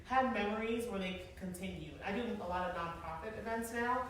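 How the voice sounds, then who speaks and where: A woman in her forties, a guest speaker who used to be an event planner, tells stories to an audience in a casual, animated way. Her mid-range voice is brisk, and she laughs often and uses many fillers. She's far from the mic in a large echoey hall, with faint noise.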